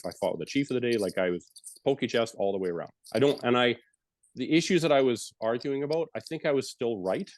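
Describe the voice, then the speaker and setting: Low-voiced man, frank storyteller. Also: no room sound. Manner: frank and casual, with some swearing. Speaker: retired police officer and yoga teacher, guest speaker. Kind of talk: guided breathing, then candid personal story.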